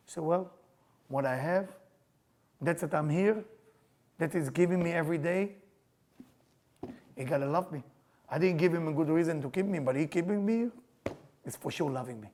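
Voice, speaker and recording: A man's voice: fairly high pitch, expressive, brisk, long pauses. An older man teaching a Kabbalah class, emphatic, repeating his questions, with non-native English grammar. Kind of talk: spiritual class lecture.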